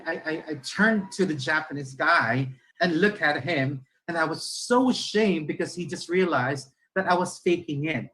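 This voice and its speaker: Man, Filipino accent, fairly high voice, conversational teaching talk, code-switching. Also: fairly bright tone, low-quality recording. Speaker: teacher trainer.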